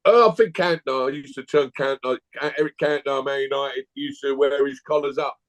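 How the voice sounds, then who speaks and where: A man's voice: mid-range voice, a little fast, fairly bright tone, rough recording. A man, a guest telling blunt, jokey stories in a casual chat.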